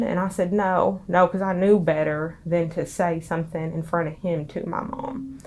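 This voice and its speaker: Crying as she speaks, a young woman with a Southern US accent gives emotional personal testimony as an interviewee. She talks softly and haltingly, with many pauses and restarts. Her low voice barely shifts in pitch, so the delivery comes across flat and subdued.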